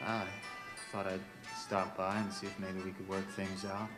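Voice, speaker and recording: A man's voice: low voice, monotone, normal speed, music in the background, close to an everyday voice. A man playing an estranged adult son who talks in a hesitant, stammering way, in a sketch comedy. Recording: studio audience laughter behind. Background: live studio audience.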